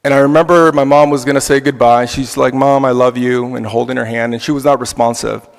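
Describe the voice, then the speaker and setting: A man's voice: medium pitch, fairly even intonation, a little fast, vocal fry. A man teaching an adult church class, telling a personal story in a reflective way with casual fillers. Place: church hall. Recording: long reverb of a church hall.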